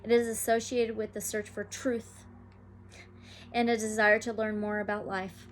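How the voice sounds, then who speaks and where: A woman talking to her channel's viewers, reading a soft guided meditation and later chatting excitedly outdoors near her chickens. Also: medium pitch, moderate pace, slight background noise. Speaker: tarot reader and channel host.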